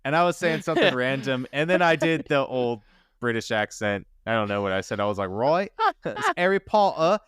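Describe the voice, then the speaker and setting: A man's voice: mid-range voice, fairly quick, fairly bright tone, clear, resonant tone, dry recording, clean studio sound. A man co-hosting a casual podcast, telling a crime story in a loose, laughing way and swearing now and then. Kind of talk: casual chat.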